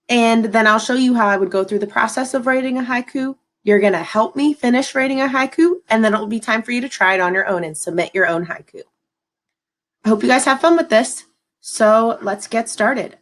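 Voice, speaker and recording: A woman's voice: medium pitch, a bit bright. A woman teacher talking students through a lesson in an upbeat, encouraging way. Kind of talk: recorded classroom lesson.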